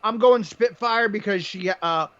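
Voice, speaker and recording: A man with a rather high voice chats loosely through fight picks, cracking jokes and laughing often. The stream audio is a little dull and lo-fi. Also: fairly bright tone, clear, resonant tone. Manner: joking, laughs often, quick banter. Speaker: podcast co-host. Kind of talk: casual chat about fight picks.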